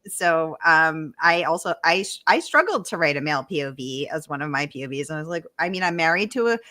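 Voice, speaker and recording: A woman's voice: sits low, expressive, brisk, bright, forceful tone. A woman hosting a livestream Q&A over a video call, enthusiastic and reading out viewer comments. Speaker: host. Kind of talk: livestream Q&A conversation.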